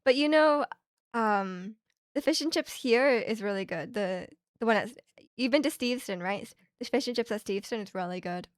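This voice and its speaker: A woman's voice: a little high, moderate pace, smooth, no echo. Chatty young woman streamer, dry sound. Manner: rambling, chatty storytelling with many fillers and restarts. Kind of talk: casual chat. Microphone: streaming microphone.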